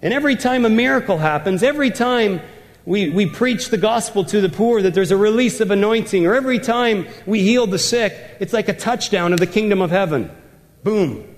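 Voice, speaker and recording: A man's voice: sits high, brisk, big-room sound. A man preaching a sermon, emphatic and repetitive, driving home his points. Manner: emphatic, repeats words for effect. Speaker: pastor.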